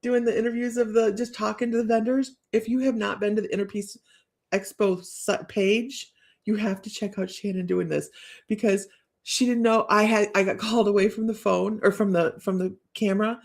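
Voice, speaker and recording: Giggly woman with a gravelly voice. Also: medium pitch, fairly even intonation, moderate pace, a little mellow. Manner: joking, giggly, laughs often between lines; chatty, with frequent restarts. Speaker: psychic reader hosting a live stream. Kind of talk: casual live-stream chat.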